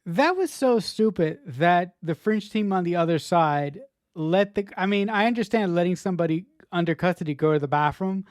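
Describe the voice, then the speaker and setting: A man's voice: sits high, expressive, moderate pace, dry recording, studio quality. A man co-hosting a podcast, giving his take on a TV episode in a casual, rambling way, often repeating words as he works out what he means. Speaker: podcast co-host.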